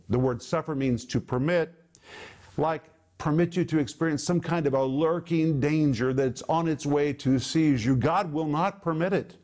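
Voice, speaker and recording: A man preaching a sermon, emphatically explaining Greek words, slowing down and leaning on key words for stress. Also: fairly high pitch, darkish tone. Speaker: Bible teacher. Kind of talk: televised sermon.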